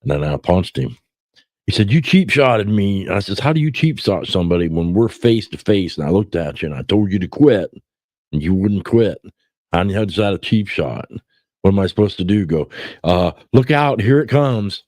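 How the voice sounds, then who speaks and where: Animated and fairly quick, a middle-aged man with a deep, dark voice rambles through stories on his podcast. He curses and restarts a lot, and there's no echo on the casual chat.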